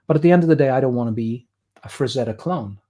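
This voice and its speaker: A man's voice: mid-range voice, fast talker, warm tone. Chatty Irish man sketching and explaining. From Ireland. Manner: chatty storyteller, explains while drawing. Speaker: guest artist. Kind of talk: drawing demo chat on a livestream.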